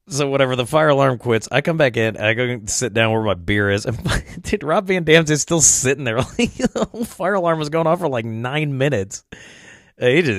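A man's voice: lowish voice, fairly bright tone, no echo, clean studio sound. A man hosting a podcast, rambling through a casual story, swearing a lot and laughing as he talks. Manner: rambling, swears often, laughs mid-sentence. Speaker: podcast host.

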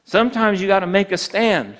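A man preaching a sermon, slowing down for key points and briefly acting out the voices of tempters in an emphatic style. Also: sits high, a bit bright.

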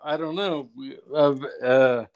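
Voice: mid-range voice, slow, dull audio. A podcast co-host reacting in casual chat with brief, laughing responses.

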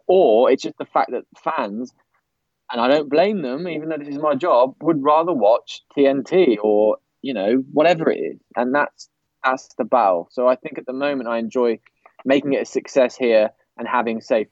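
A man guesting on a podcast, a broadcaster who talks candidly and rambles, restarting often. His pitch is ordinary and middling. The audio is slightly dull and lo-fi, and dry with no room sound. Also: moderate pace, dry recording. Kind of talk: casual podcast chat.

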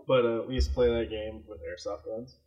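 A young man in a casual chat among friends, quick and joking. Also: on the low side, fairly even intonation, lo-fi sound, background noise.

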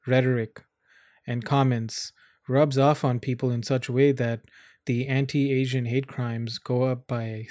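A man's voice: mid-range voice, a little mellow, dry recording, studio quality. A young man giving blunt, angry commentary to camera, swearing often. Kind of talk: casual vlog commentary.

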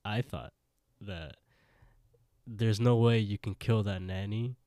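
Low-voiced man casually recapping. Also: steady tone, takes it slowly, mellow, no room sound. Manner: storytelling, acting out quotes, laughing often. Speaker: podcast co-host.

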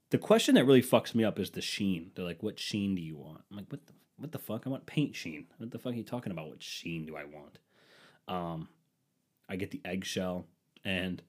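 A young man with a fairly low voice hosts a podcast and tells his stories casually. He swears freely and gets loud and animated when he retells his arguments. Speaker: podcast host. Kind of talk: casual storytelling.

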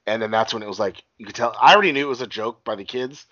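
A man's voice: mid-range voice, very fast, fairly bright tone, no room sound, muffled recording. A man in casual chat, retelling a movie plot with lots of swearing and acted-out quotes. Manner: profane, rambling storytelling with acted-out quotes. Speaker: podcast co-host recapping a movie.

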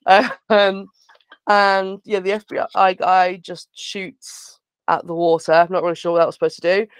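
A woman's voice: on the low side, little pitch movement, normal speed, clean tone, no room sound. A woman co-hosting a podcast, chatting casually and frankly as she recaps a film with sarcastic asides. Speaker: podcast co-host.

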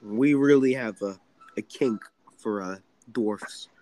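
A man's voice: on the low side, slow pace, darkish tone. Young man hosting, teasing and crude. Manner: announces topics, teasing and crude. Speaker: podcast host. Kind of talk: casual podcast banter. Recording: noisy background hiss.

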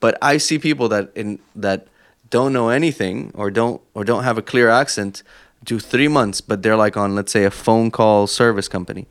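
A man with a fairly low voice talks through his ideas on a podcast. He builds his points slowly with long examples, in a relaxed, conversational way. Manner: thoughtful, explains at length with examples. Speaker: podcast co-host. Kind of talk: casual chat.

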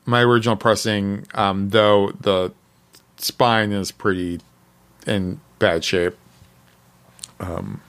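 A man's voice: lowish voice, steady tone, takes it slowly, pauses often, fairly bright tone, clean tone. A man co-hosting a podcast, telling a story with lots of ums. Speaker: podcast co-host. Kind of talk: casual podcast chat.

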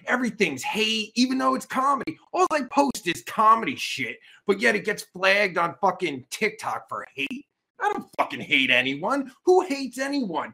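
A man runs a livestream in a loud, crude, rambling rant. His voice is gravelly and husky with a bright, forceful edge. It swings widely in pitch. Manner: loud, crude, rambling, with sudden mocking outbursts. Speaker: livestream host.

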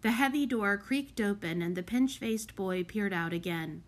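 A woman reading a children's novel aloud as an audiobook narrator, in an unhurried, clear storybook manner. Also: medium pitch. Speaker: audiobook reader. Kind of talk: scripted narration.

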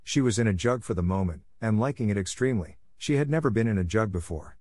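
A man narrating a classic children's story as an audiobook, in a measured storyteller's delivery. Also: fairly low pitch, lively intonation, a little mellow, dry recording, studio quality.

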